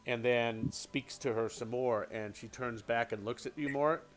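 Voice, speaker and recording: A man with a medium-pitched voice and fairly even intonation narrates a tabletop game as the game master. He halts often, filling gaps with ums and restarting his sentences.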